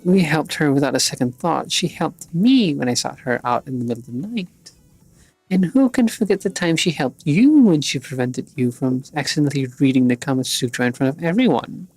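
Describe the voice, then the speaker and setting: Man, streamer, reading game dialogue aloud, voicing every character, very expressive pitch, dry close mic. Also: dry recording. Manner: switches pitch and pace between characters, animated.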